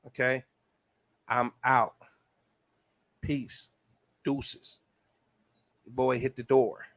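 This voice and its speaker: A man hosts a podcast in loose, crude chat, reading listener comments aloud in a voice. His voice sits a little high for a man. The delivery is animated and profane. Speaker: podcast host. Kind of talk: casual chat.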